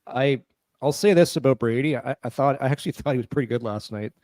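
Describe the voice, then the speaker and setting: A man on a hockey talk show panel, breaking down team lineups in quick back-and-forth talk. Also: mid-range voice, darkish tone, no room sound.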